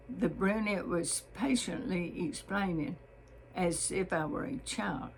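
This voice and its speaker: A woman from Mississippi with a Southern accent telling a personal story in a slow, deliberate drawl. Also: fairly low pitch, creaky, breathy edge, rough recording.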